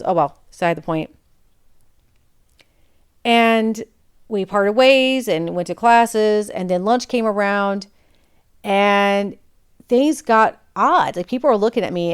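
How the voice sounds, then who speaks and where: A woman's voice: medium pitch, clear, resonant tone. A woman podcast host telling a personal story in a candid, chatty way that wanders off topic.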